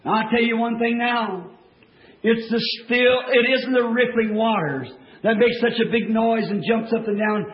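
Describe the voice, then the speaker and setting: A man preaching a fervent revival sermon to a church congregation, in folksy plain-spoken speech that swings from hushed tones to shouting. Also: very high-pitched, fairly even intonation, moderate pace. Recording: echoey, dull old church tape.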